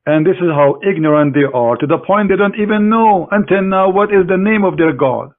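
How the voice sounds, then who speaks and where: A man's voice: high-pitched, animated. Mocking man on a tinny line. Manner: mocking, combative, halting English. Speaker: online debater. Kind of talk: combative screen-share lecture. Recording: tinny phone-like online audio.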